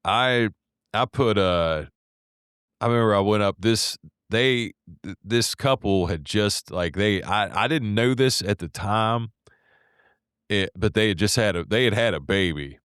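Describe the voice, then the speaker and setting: A man with a very low, smooth voice telling a story on a podcast, restarting sentences and swearing casually. The recording is dry and close. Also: measured pace, fairly bright tone, dry recording. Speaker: podcast co-host, delivery driver.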